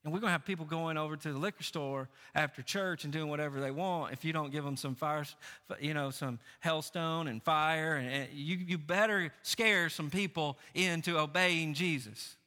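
A middle-aged male pastor preaching a sermon, animated and shifting between raised emphatic lines and quieter, lower asides. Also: moderate pace, in a large hall.

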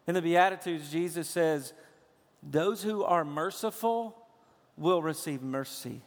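Emphatic preaching man in a reverberant hall. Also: fairly high pitch. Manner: emphatic preaching, slows to stress key phrases. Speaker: pastor. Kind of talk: sermon.

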